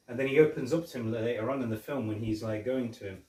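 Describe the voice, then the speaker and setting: A man's voice: medium pitch, quick pace, darkish tone. A man hosting a podcast, chatting casually about a film and retelling scenes with many restarts. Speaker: podcast host. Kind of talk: casual film review chat. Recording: roomy echo, distant mic.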